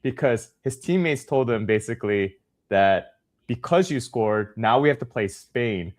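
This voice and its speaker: A man's voice: medium pitch, animated, measured pace. A man co-hosting a casual sports podcast, easygoing, telling stories about games with frequent chuckles. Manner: easygoing storyteller, chuckles while recounting. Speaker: podcast co-host.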